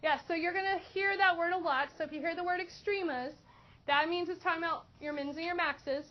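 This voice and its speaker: Woman math teacher in class, bright high voice, muffled recording. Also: fairly even intonation, brisk. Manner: questioning, encouraging students. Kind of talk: classroom lesson. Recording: dull lo-fi classroom recording with faint noise.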